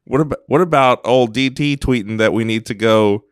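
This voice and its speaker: A man's voice: medium pitch, normal speed, clean tone, dry recording, clean studio sound. A man co-hosting a podcast in casual chat, wry and asking rhetorical questions. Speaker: podcast co-host.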